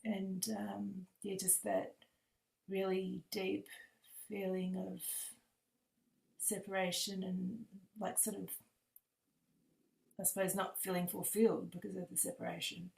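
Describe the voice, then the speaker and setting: A woman's voice: mid-range voice, little pitch movement, unhurried, gravelly, pauses often, darkish tone, echoey room, poor audio. A tired woman sharing personal feelings in a group video call, hesitant and searching, with many fillers. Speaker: participant sharing in a group session.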